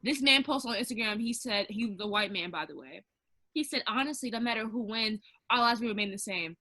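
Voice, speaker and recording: A woman's voice: mid-range voice, a little fast, bright, forceful tone, no room sound, rough recording. A woman co-hosting a casual group chat, ranting emphatically and mocking others in quoted voices. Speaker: podcast co-host.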